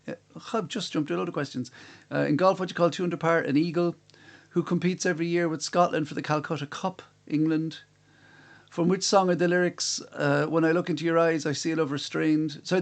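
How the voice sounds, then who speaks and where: A man hosting a live-streamed quiz from home, reading out questions and answers with chatty, self-mocking asides. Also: fairly high pitch. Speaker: quiz host. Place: room at home.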